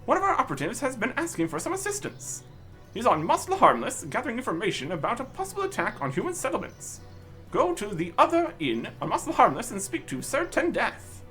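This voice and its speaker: A pompous old knight commander in a game, posh and blustery, his pitch swinging high and low, as a man puts him on. The voice is lively and full of bluster. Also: a little fast, faint music behind, exaggerated voice. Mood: hearty. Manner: posh, blustery, tacks on "what?".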